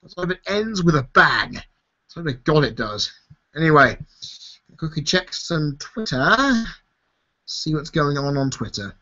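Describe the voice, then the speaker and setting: A worn-out man runs a casual live-stream Q&A, his voice a bit high and sharply bright. He swears easily and laughs a lot. The stream audio sounds dull and lo-fi. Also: big pitch swings, measured pace, pauses often. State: tired. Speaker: YouTube host answering viewer questions.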